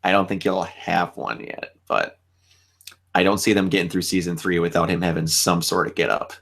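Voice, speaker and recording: A young man hosting a casual fan chat, animated and laughing often, acting out lines as he talks. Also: low voice, normal speed, creaky. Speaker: show host.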